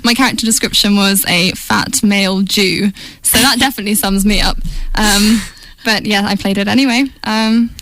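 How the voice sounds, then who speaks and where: A woman's voice: mid-range voice, fairly even intonation, normal speed, few pauses, a bit bright, no echo, low-quality recording. A young British woman chatting as a guest in a student radio studio, self-deprecating and easygoing. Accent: British English. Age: young adult. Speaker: student journalist and news anchor guest. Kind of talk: casual radio interview.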